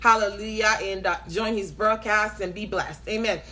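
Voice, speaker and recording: Bright, excited woman preacher greeting viewers. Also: medium pitch, moderate pace. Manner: excited, laughs often; greets viewers by name one after another. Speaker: preacher hosting a live broadcast.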